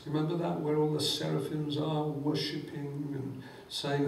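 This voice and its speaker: A man's voice: a little high, flat delivery, moderate pace, vocal fry, hardly any pauses. Fervent preacher man in an echoey church. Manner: fervent, quotes scripture with rising emphasis. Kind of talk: sermon. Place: church hall. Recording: echoey church hall, mic at a distance.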